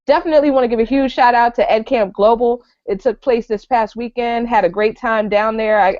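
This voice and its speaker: A woman hosting an online education show, making quick promotional announcements before handing over to the moderator. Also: fairly high pitch, darkish tone, dry recording. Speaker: show host. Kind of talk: announcements and introduction. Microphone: video call. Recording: dry lo-fi web call audio.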